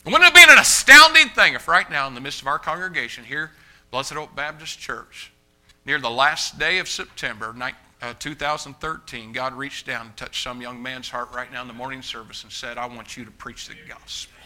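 A pastor in his fifties preaching a sermon in a church, fiery and emphatic, repeating phrases and building to shouts. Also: medium pitch, moderate pace, low-quality recording. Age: 50s. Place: church sanctuary.

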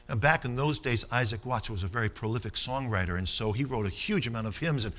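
A man's voice: on the high side, pushed and bright. A man preaching a sermon, telling stories and calling for amens from the congregation. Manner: storytelling, rousing, calls for amens.

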